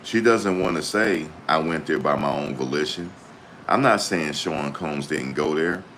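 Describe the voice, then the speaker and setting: A male channel host reads court updates aloud and reacts in an animated, blunt, slangy way, swearing freely. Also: rumbling low, unhurried, a little hiss or hum. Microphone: desktop USB microphone.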